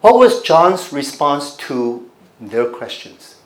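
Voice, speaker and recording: A man's voice: on the high side, very animated, slow pace, roomy sound. A man pastor preaching a teaching sermon, putting questions to his congregation as he explains scripture.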